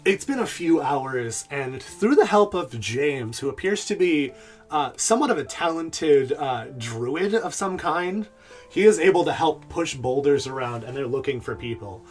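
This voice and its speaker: A man narrating as game master of a tabletop game, relaxed and dotted with pauses. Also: a little high, faint music behind.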